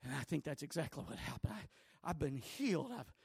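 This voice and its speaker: Man doing a long-sick woman, hushed, rushed, confiding, dry close sound. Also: high voice, dry recording. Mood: earnest. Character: sick woman pleading her healing story, middle-aged.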